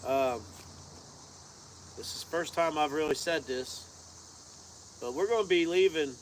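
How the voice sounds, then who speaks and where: Man, folksy drawl, rambling casual chat, slightly high voice, faint crickets behind. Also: slow pace. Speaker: co-host of a car-build channel. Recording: faint outdoor insect noise.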